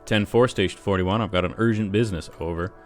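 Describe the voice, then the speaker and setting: Guy reading out a hungover detective fumbling on the radio, halting, kinda low voice. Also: soft background music, close to an everyday voice. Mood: awkward. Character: hapless hungover male detective.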